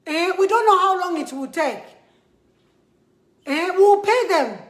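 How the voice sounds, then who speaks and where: High-voiced angry Zambian woman. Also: animated, measured pace, fairly bright tone, echoey room. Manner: emphatic, repetitive, switching between English and a local language. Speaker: model addressing followers. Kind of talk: impassioned vlog to camera.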